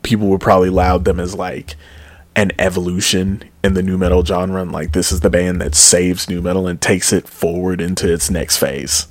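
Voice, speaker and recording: In a casual album review, a deep-voiced man sounds excited about the music as he wanders through his thoughts, full of fillers and self-corrections. The audio is close and dry, free of any room echo.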